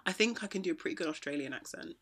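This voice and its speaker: A woman's voice: low voice, lively intonation, rapid-fire. A young woman in her twenties co-hosting a podcast, chatting playfully and laughing often. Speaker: podcast co-host. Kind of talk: casual chat.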